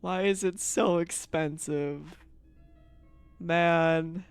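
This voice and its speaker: A game streamer talking loosely to a live chat, swearing freely and breaking into laughs between complaints. The voice is smooth and clean, recorded close on a streaming mic in a dry space with no room sound. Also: mid-range voice, fairly even intonation, drawn-out words, no echo, soft background music.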